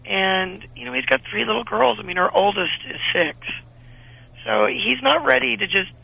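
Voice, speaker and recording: A woman in her thirties, an actress chatting as a guest in a radio interview, animated and prone to restarts. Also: mid-range voice, normal speed, vocal fry, husky, dry recording, narrow, tinny audio. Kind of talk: casual radio interview chat.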